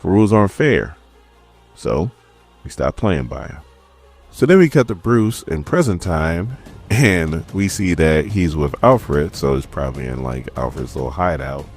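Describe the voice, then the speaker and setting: Male comic recapper, deep lively voice, casual slangy storytelling, light music under. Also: a little slow, husky. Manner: laid-back, slangy storytelling. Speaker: comic book reviewer.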